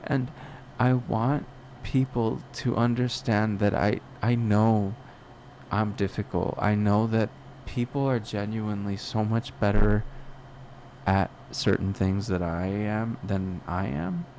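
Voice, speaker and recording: Taking it slowly in a lowish, slightly mellow voice, a young podcast host talks alone about personal reflections. He drifts and questions himself, full of fillers and restarts, while slight background noise sits underneath.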